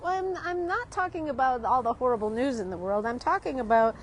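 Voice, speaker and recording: Woman, rather high voice, loose rambling café monologue, keeps checking in with "right?", light street noise behind. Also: lively intonation, a little slow, fairly bright tone, low-quality recording. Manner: chatty, rambling, often adds "right?", laughs a lot. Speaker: art teacher vlogging. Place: outdoor street café in a city. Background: street ambience.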